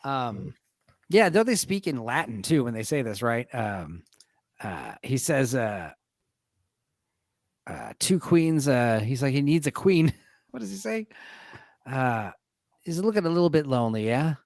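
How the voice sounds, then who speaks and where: A man's voice: medium pitch, big pitch swings, a little slow, long pauses, dry recording, clean studio sound. A man hosting a casual movie discussion stream, retelling scenes in a rambling, crude way with filler words. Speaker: podcast host.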